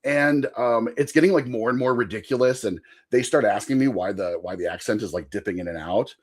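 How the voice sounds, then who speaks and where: A man's voice: mid-range voice, a little fast. A man chatting casually on a podcast, telling a long rambling story and laughing often. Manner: chatty with frequent fillers and asides.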